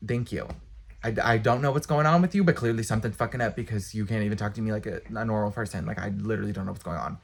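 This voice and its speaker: A man's voice: fairly low pitch, creaky. A young man ranting casually to camera, exasperated, blunt and profane. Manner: exasperated, blunt, profane, talks with quick bursts. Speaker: vlogger.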